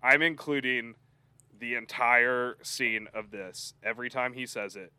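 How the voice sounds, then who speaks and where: A laid-back man co-hosting a casual podcast, leaning on fillers as he talks. His tone is bright and forward. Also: medium pitch, steady tone, measured pace, clean tone, dry recording. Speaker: podcast co-host. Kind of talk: casual chat.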